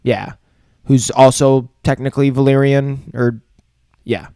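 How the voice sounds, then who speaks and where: A man in a casual podcast chat, recapping an episode in a loose, swearing, rambling way. His pitch sits in the middle for a man. The sound is dry and close, with no room around it. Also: steady tone, a little slow, creaky, dark tone, clean tone, no echo. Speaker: podcast co-host.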